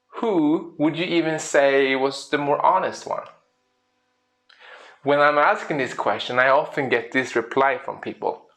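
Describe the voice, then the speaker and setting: A man, a speaker and coach, giving a storytelling presentation, asking the audience questions and acting out little scenes. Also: a little high. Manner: lively, acts out little scenes in quoted voices.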